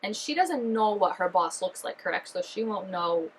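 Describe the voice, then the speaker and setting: A woman chatting excitedly through a reaction video, full of fillers and giggly asides. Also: medium pitch, normal speed, a little hiss or hum, poor audio. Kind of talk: casual reaction commentary.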